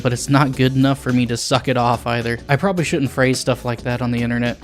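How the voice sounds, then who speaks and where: A young man reviewing a video game, blunt and sarcastic with crude jokes. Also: mid-range voice.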